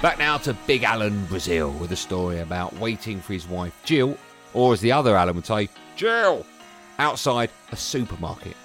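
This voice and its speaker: A man reads the links on a radio show and breaks off into playful asides, his pitch moving a lot. Faint music plays under him. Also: lively intonation, brisk, a bit bright. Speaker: radio presenter. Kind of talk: scripted links.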